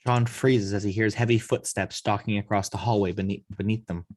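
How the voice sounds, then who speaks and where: A man narrating the action lines of a screenplay read-through in a steady storytelling manner. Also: lowish voice, fairly quick, no echo. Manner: steady storytelling, occasional slips. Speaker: narrator reading action description.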